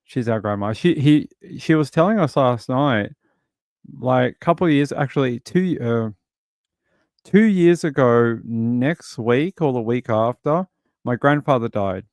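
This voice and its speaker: Australian male streamer, mid-pitched, chatty rambling delivery, dry close sound, casual viewer chat. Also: lively intonation, measured pace, darkish tone, no room sound. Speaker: livestream host.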